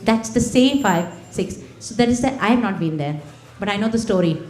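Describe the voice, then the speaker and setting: A woman's voice: medium pitch, animated, moderate pace, a little mellow. Woman giving a devotional talk in an echoey hall. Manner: personal, conversational, asks the audience questions. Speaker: temple speaker. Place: temple hall with audience.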